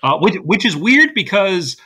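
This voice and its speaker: A man co-hosting a podcast, casually recapping a comedy film, laughing often and quoting lines in a deadpan. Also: sits high, normal speed, husky. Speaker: podcast co-host. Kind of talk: casual movie-recap chat.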